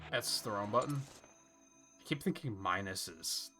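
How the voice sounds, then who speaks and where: A man's voice: lowish voice, expressive, a little slow, over music. A man streaming a video game live, rambling casually and thinking aloud as he plays. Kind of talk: casual live gameplay commentary.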